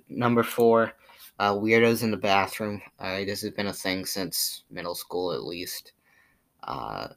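A teenage boy with a Boston accent and a low, deep voice talks through his pet peeves in a loose, rambling monologue. He fills his sentences with fillers and restarts and sounds mildly exasperated. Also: a bit bright. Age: teens. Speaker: vlogger. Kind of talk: casual monologue ranting about pet peeves.

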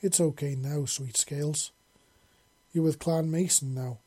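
Man doing warm effusive young woman. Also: steady tone, a little slow, husky. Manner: effusive, raised pitch. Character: warm emotional young human woman, affectionate.

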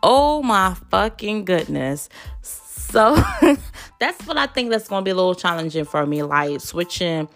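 A woman's voice: lowish voice, lively intonation, unhurried, a bit bright, soft background music. Young woman, podcast host, casual monologue, outspoken, swears freely, rambling. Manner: blunt, profane, outspoken; loose and rambling, lots of fillers.

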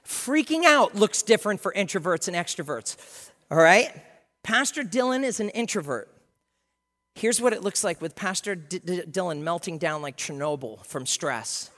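Lively preaching man in a hall. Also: sits high, normal speed. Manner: lively, humorous, acts out scenes. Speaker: pastor. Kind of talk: sermon.

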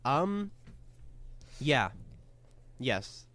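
A man's voice: mid-range voice, sing-song, drawn-out words, a bit bright. A young man co-hosting a podcast in casual chat, talking hesitantly with many fillers and restarts. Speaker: podcast co-host.

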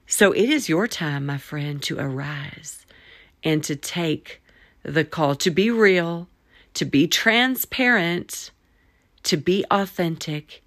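A woman hosts her own faith-based podcast in a low voice, stretching key phrases out for emphasis. She talks in a folksy, preachy way and drifts into a playful Southern drawl. The sound is dry and close, with no room echo. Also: expressive, slow pace. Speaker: podcast host.

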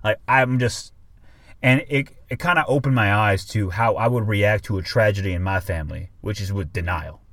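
A man's voice: fairly low pitch, moderate pace, fairly bright tone, no echo. Young guy on a podcast, dad telling a story, cusses a lot, dry close sound. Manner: storytelling, swears often. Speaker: podcast co-host. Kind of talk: casual podcast chat.

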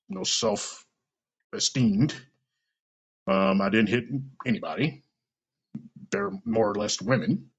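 A man hosting a podcast, talking in a blunt, profane, self-deprecating casual monologue with a gravelly, husky voice. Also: medium pitch, lo-fi sound. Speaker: podcast host.

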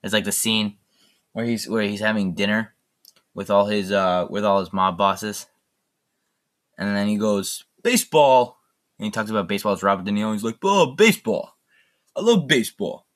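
A man's voice: fairly low pitch, little pitch movement, a little fast, pauses often, fairly bright tone. A young man hosting a solo podcast, chatting enthusiastically and rambling with lots of fillers. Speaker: podcast host. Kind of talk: casual solo podcast chat.

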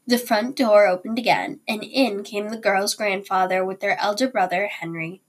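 A woman teacher reading a children's chapter book aloud to her students, slow and deliberate. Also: mid-range voice, fairly even intonation.

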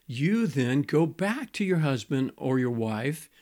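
A middle-aged male pastor giving a conversational teaching on marriage, repeating key phrases and slowing down to stress a point. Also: medium pitch, sing-song, a little mellow.

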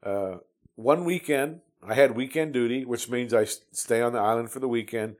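A man in his fifties from the United States talks at a moderate pace in a medium-pitched voice. He tells his Navy stories casually and ramblingly, with lots of restarts and fillers.

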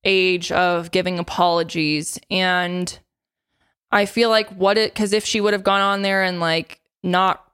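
A woman's voice: lowish voice, little pitch movement, a little slow, a bit bright, clean tone. A young woman co-hosting a podcast, reflective and casual in chat, cursing now and then. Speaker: podcast co-host.

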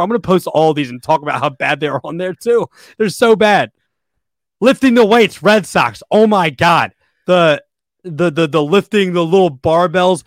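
Brief: young male podcast co-host, exasperated sports rant, slightly high voice, dry close sound. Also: dry recording. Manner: animated, exasperated ranting. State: losing his voice.

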